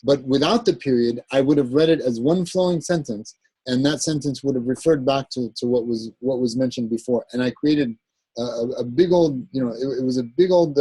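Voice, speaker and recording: A man with a husky, slightly breathy voice gives a classroom lecture on Arabic grammar. He explains step by step and keeps checking in with his students. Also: medium pitch, moderate pace, dark tone, no room sound, low-quality recording. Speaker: Arabic teacher.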